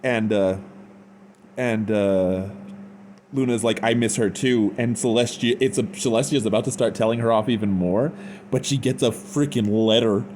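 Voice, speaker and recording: A man's voice: fairly low pitch, steady tone, moderate pace, a little mellow, slight background noise. A man giving an unscripted, rambling review in casual slang, full of fillers. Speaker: fan fiction reviewer.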